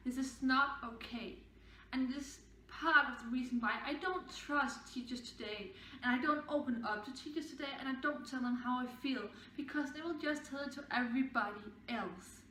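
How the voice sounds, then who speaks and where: A woman's voice: sits high, normal speed, bright, forceful tone, far from the mic, a little hiss or hum. A young woman vlogging a casual storytime, rambling and indignant, with frequent swearing. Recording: echoey room, voice away from mic.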